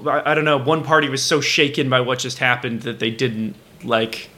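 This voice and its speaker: A man's voice: medium pitch, normal speed, bright, forceful tone. A man co-hosting a podcast, telling rambling, profane stories in casual chat. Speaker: podcast co-host.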